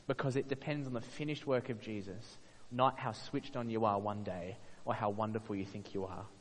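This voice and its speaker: A man preaching a sermon in an earnest way, swelling to emphatic peaks and then dropping soft. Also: medium pitch, in a large hall, rough recording.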